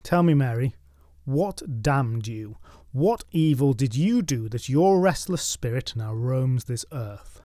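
A man voicing a stern, calm male priest who speaks slowly and gravely as he commands a ghost. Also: medium pitch, no echo, studio quality.

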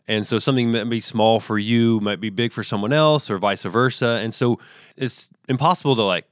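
A man's voice: on the low side, no room sound, studio quality. A man co-hosting a faith podcast who talks in a reflective, summarizing way and often hedges with "like". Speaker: podcast co-host. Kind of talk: casual faith discussion.

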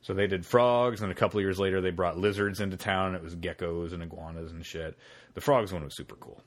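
A man's voice: low voice, steady tone, quick pace. A man hosting a casual podcast chat, laid-back, with dry humor and casual swearing. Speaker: podcast host.

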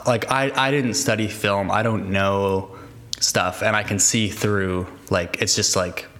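A man co-hosting a casual chat, relaxed and easygoing, leaning on "like" as he talks. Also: on the low side, unhurried. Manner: relaxed, heavy use of "like", easygoing laughs. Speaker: podcast co-host.

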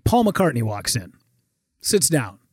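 A man in casual podcast chat, telling stories with lively acted-out quotes and frequent swearing. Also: mid-range voice, slow pace, husky, dry recording, clean studio sound. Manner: animated storyteller, acts out quotes, swears. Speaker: guest.

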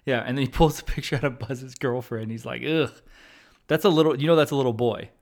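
A young adult man hosts a casual podcast chat, in a voice of middling pitch. He laughs often, swears freely, and jumps to loud outbursts when something bothers him. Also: quick pace. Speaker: podcast host.

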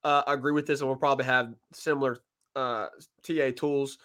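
A man's voice: mid-range voice, level tone, brisk, fairly bright tone. A man co-hosting a sports podcast, chatting casually and often laughing, with plenty of fillers.

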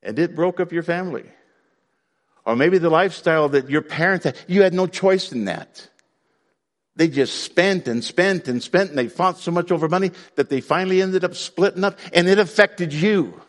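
A man preaching a sermon to his congregation in a conversational way, breaking now and then into loud outbursts. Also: high voice, moderate pace, long reverb tail. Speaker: pastor.

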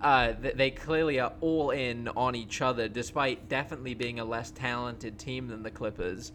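A man in casual sports chat, talking in an excited, rambling way with many fillers. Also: mid-range voice, normal speed, a little hiss or hum.

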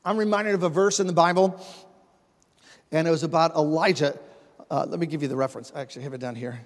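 A man's voice: fairly high pitch, quick pace. A man preaching a sermon as pastor, talking conversationally, calling on the congregation and building repeated phrases with rising emphasis. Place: church sanctuary. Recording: long reverb of a large hall.

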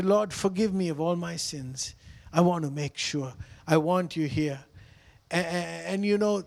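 A man's voice: sits high, in a large hall. A man preaching a sermon as pastor, earnest and pleading, repeating phrases for emphasis.

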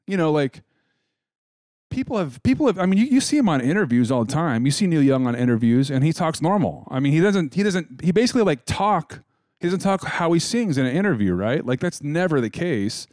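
A man's voice: a little high, sing-song, a little fast, darkish tone, dry recording, studio quality. A man telling a rambling, joking story in casual chat, with lots of restarts. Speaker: podcast co-host.

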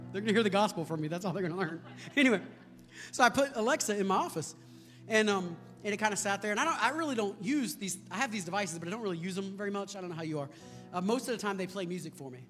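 A man with an American accent, a pastor telling a story in a sermon that builds to shouted preaching. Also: high voice, expressive, fast talker. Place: church sanctuary. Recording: church hall reverb with music.

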